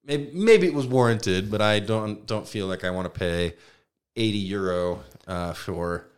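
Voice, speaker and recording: A man co-hosting a podcast, telling a long story in casual chat, animated, swearing now and then, acting out other people's words. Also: on the low side, a little slow, clear, resonant tone. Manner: animated anecdote teller, mimics voices, swears. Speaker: podcast co-host.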